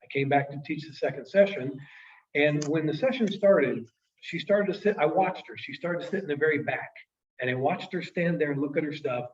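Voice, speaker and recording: A man in his late fifties who trains salespeople shares an emotional story with his class, speaking earnestly at a moderate pace in a voice on the high side. The recording is echoey, distant, and dull.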